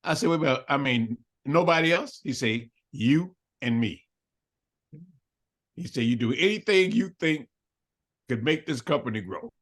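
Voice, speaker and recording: A man's voice: mid-range voice, expressive, moderate pace, a bit bright. An older man telling a story in an interview, acting out both sides of the dialogue and laughing often. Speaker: interview guest.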